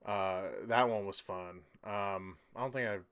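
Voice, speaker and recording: A man's voice: lowish voice, unhurried, a bit bright, clean tone. A man hosting a casual livestream, rambling loosely and chuckling as he reads out viewer comments. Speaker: livestream host.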